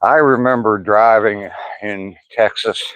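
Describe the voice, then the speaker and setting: An older man with a Southwest Ohio drawl that has an Appalachian lean, chatting in an easygoing way as he reads viewers' comments aloud. His voice sits very low, with a dry, close sound and a slightly dull, muffled tone. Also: steady tone, unhurried, a bit bright, clean tone, no room sound. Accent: Southwest Ohio, Appalachian-tinged. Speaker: vlogger reading live chat. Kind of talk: casual live-stream chat while walking.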